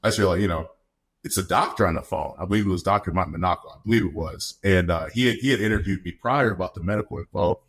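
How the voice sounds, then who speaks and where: A young man, a guest on a podcast, telling a story in a relaxed, chatty way, often laughing and acting out what people said. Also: low voice, quick pace. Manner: laid-back, laughs often, acts out quotes. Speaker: podcast guest, football player. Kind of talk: casual storytelling.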